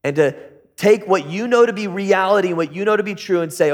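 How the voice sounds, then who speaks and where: Jokey middle-aged male pastor preaching. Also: a little fast. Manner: conversational, jokey asides with sudden high-pitched bursts. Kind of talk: sermon.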